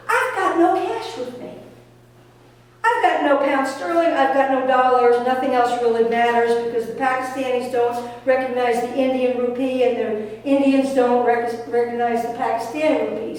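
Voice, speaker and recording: A woman with a high voice tells a lively, self-mocking story to a live audience. She sounds a little far from the microphone, and the room has a long, echoing reverb. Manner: animated, chatty, self-mocking. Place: small venue with an audience. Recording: echoey hall from far off. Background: audience laughter.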